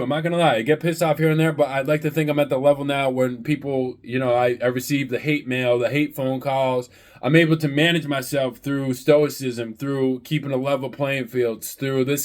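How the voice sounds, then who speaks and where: A man who owns a landscaping business, ranting bluntly and profanely in a vlog, preaching to his viewers. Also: a little high. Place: hotel room.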